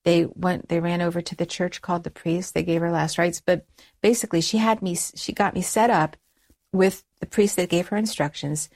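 A middle-aged woman telling a personal story as an interview guest, lively, raising her voice when she quotes people. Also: lowish voice, moderate pace. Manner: animated storytelling, acts out quoted dialogue in a raised voice. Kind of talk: personal conversion story in conversation.

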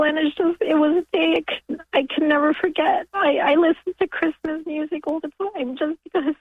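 High-voiced woman in her 40s crying and laughing on a tinny dry phone line. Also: fairly even intonation, no room sound. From New York. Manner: tearful, halting, laughing through emotion. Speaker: caller. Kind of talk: emotional call-in testimony.

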